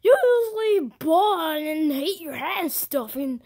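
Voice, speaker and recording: A woman's voice: extremely high pitch, animated, a little slow, darkish tone, heavily acted. A woman voicing Mario's confused, indignant friend in an amateur fan movie.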